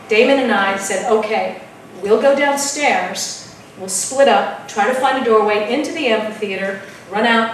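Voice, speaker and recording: A woman telling a spooky story at an open mic, dramatic and dropping to a hush at tense moments. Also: medium pitch, slight background noise. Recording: echoey room from far off.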